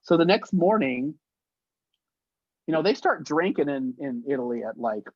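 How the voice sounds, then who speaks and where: A man spinning profane anecdotes in a lively, laughing way, his voice sitting a little high for a man. The recording is dry and slightly muffled, close and free of room sound. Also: moderate pace, slightly rough, dry recording. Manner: animated, profane, laughing through his stories. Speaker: guest, actor and effects artist. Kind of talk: casual anecdotal storytelling.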